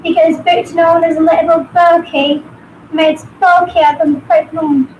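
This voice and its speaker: A young woman studying chemistry, talking casually and haltingly as she works things out aloud. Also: extremely high pitch, flat delivery, roomy sound, narrow, tinny audio, slight background noise. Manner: hesitant, halting, thinking aloud. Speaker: student.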